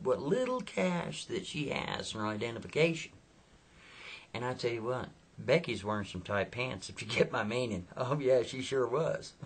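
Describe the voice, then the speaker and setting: A man's voice: medium pitch, husky. A man telling a story in a folksy, chatty way, often turning aside to the listener. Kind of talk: casual spoken storytelling.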